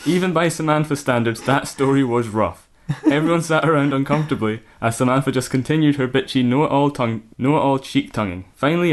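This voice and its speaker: A man narrating a crude comedy story aloud in a deadpan manner. His voice sits at an ordinary middle pitch, and the jokes land flat, with him cracking up from time to time. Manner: deadpan narration broken by laughter. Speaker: podcast co-host reading a comic fan story.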